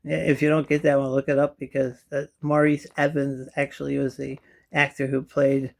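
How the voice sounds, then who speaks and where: A man's voice: medium pitch, monotone, moderate pace, vocal fry. A middle-aged man with missing teeth, rambling to camera in a chatty home vlog from a kitchen chair, often trailing off into a mumble. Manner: chatty, drifting asides, often dropping to a mumble. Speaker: vlogger. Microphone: camera in front of him.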